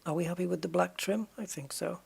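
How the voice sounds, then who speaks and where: A man's voice: high-pitched, fairly even intonation, fast talker, gravelly, darkish tone, a little hiss or hum. A man streaming a racing game, musing aloud and chatting to viewers with jokey asides. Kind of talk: casual live-stream chat.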